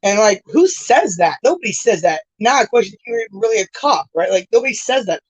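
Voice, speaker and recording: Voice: medium pitch, very animated, brisk, breathy edge, no room sound. A livestream host in casual chat, rambling and swearing, often tagging sentences with "right?". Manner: rambling, profane, tags lines with "right?". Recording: dull lo-fi stream audio.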